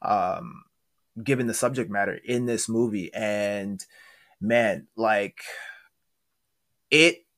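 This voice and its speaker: A man on a casual movie podcast, speaking in a thoughtful, measured way. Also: fairly low pitch, a bit bright, no echo, studio quality. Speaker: podcast co-host.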